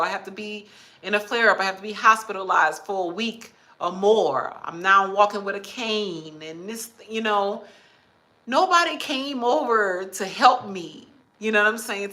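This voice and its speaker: A woman's voice: medium pitch, expressive, moderate pace, bright, forceful tone, poor audio. A woman in her fifties talking heartfelt and emotional in a casual livestream, reading viewer comments aloud. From Texas. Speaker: vlogger.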